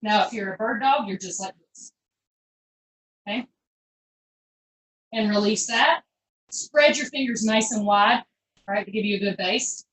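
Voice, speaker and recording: Calling out each pilates move for a live online class, this fitness instructor is upbeat, chatty and encouraging, using folksy phrases. Her bit-bright, medium-pitched voice goes a little slowly with long pauses. She sounds far away in an echoey room.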